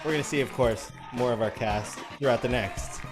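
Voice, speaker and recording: A man's voice: mid-range voice, fairly quick. A man hosting a live improv comedy show over a video call, with upbeat announcer patter. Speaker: host. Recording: clear music under the voice.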